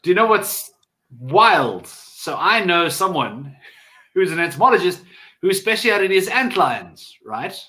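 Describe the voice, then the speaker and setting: Bright, animated man telling a story. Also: sits high, measured pace. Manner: animated storyteller, swears for emphasis. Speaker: guest co-host. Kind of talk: casual chat.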